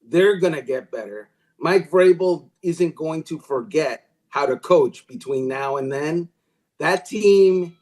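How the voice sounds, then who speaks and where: A man who is a football writer, chatting as a guest and telling animated, jokey analogies. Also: high-pitched, rough recording. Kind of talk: casual sports chat.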